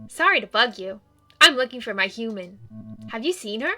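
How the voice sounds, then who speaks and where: A woman's voice: a little high, expressive, normal speed, bright, forceful tone, faint music behind. A woman voicing a sweet, eager young male dog ghost in a video game, talking in a bubbly, childlike, apologetic way. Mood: cheerful. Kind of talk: video game character reading.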